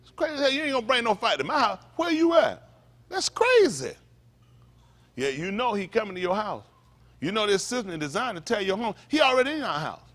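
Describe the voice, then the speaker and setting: A man's voice: high-pitched, sing-song, a little fast, fairly bright tone. A male pastor preaching a fiery sermon, firing blunt, profane rhetorical questions at his congregation with joking asides. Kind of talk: fiery street-talk sermon.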